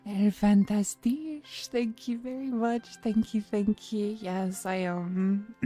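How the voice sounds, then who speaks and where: A woman hosting a relaxed late-night chat stream, talking playfully, flirtatiously and theatrically in a demon-queen persona, close to the microphone. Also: medium pitch, slow pace. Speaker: streamer hosting her own channel. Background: faint background music.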